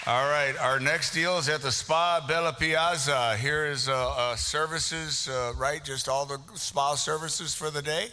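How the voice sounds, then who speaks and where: A man's voice: fairly high pitch, fairly even intonation, a little slow, few pauses, sharp tone. Joking man emceeing a raffle. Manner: jokey, teasing, calls out names to the crowd. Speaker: event emcee. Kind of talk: live prize raffle announcing. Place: meeting hall. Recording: long reverb of a big hall.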